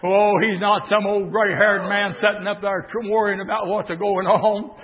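A man preaches from the pulpit, his high voice rising into shouted declarations. The sound lingers in the long reverb of a church. The recording is muffled and dull. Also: level tone, normal speed. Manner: preaching that swells into shouted bursts. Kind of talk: sermon.

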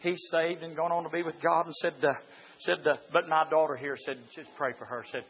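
A man preaching a fiery sermon, moving from quiet storytelling to high shouted exhortation. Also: fairly even intonation, a little fast, husky. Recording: dull lo-fi church recording.

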